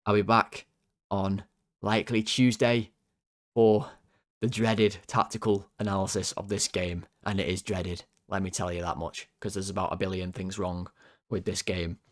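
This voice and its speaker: A young man hosting a football fan channel, ranting through player ratings, swearing, his voice jumping high when worked up. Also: flat delivery, moderate pace. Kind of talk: player ratings rant to camera.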